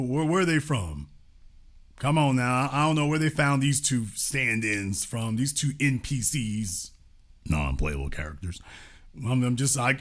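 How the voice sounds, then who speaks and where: A man commenting on a news clip with sarcastic, groaning asides. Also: mid-range voice.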